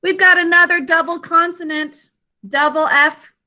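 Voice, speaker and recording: A woman teacher leading a spelling lesson for children, slowly and carefully sounding out syllables and giving encouraging praise. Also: extremely high pitch, steady tone, pushed and bright. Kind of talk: online literacy lesson for children.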